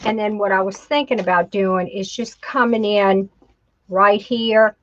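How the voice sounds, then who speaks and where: A woman's voice: medium pitch, steady tone, a little slow. A woman hosting a craft tutorial, chatting and talking to herself as she works. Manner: chatty, talks to herself while working, says y'all. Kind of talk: casual crafting demonstration. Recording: dull lo-fi home video audio.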